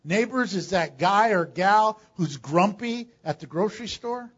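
An older man preaching a sermon as pastor, animated and joking, with sudden loud bursts. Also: high-pitched, measured pace, slightly rough, muffled recording. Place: church.

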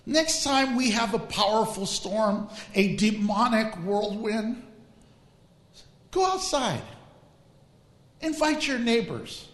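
Animated pastor preaching in an echoey hall. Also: male voice, high-pitched. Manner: lively, humorous, drawn-out emphatic reading. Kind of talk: sermon.

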